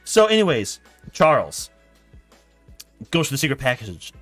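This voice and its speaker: A man narrating a story in a board game on a stream, laughing and animated. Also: mid-range voice, measured pace, soft background music.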